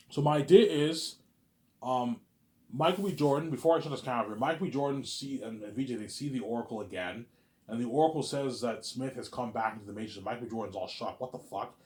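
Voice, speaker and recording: A man rambling to camera as he pitches a movie plot, repeating himself and acting out characters' lines in sudden loud bursts. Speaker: vlogger pitching a movie idea. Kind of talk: rambling casual monologue to camera.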